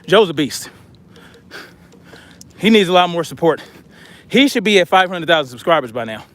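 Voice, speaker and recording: Breathless high-voiced man hiking. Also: sing-song, moderate pace, a bit bright. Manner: blunt, chatty, addresses viewers as y'all. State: out of breath from hiking uphill with a pack. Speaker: vlogger. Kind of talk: casual monologue while hiking. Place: outdoors on a hiking trail.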